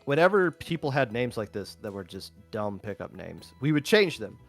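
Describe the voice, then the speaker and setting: A man's voice: on the low side, big pitch swings, moderate pace, gravelly, soft background music. A man casting a live tournament stream with easygoing, joking banter. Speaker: esports commentator.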